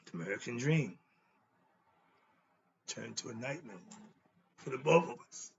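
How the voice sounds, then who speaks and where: A man's voice: mid-range voice, expressive, a little slow, vocal fry. A man giving an informal philosophy lecture, bluntly posing rhetorical questions and answering them himself. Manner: emphatic, blunt and conversational. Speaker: philosophy teacher. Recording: dull lo-fi sound with faint noise.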